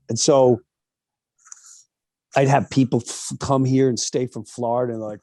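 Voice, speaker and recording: Middle-aged man, warm tone, candid storyteller, emphatic, mimics others, close dry sound. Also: mid-range voice, unhurried, pauses often, no echo. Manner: animated, acts out quoted voices, emphatic asides. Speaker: speaker telling a personal story.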